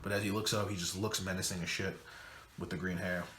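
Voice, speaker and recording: Speaking quickly in a deep, slightly bright voice with little change in pitch, a male movie reviewer loosely retells a film's plot with casual cursing. It's a relaxed recap recorded late at night in a home room, echoey and faintly noisy.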